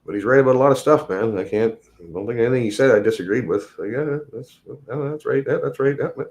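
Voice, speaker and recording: A livestream host with a mid-range, somewhat dark voice talks fast as he rambles about his job as a tradesman. He swears constantly throughout this casual, loose stream.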